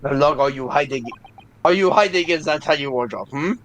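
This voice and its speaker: A man's voice: a little high, fairly bright tone, close to an everyday voice. A man voicing a stern, threatening ship officer interrogating a suspect in a fan dub. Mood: menacing. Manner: threatening, slow and clipped.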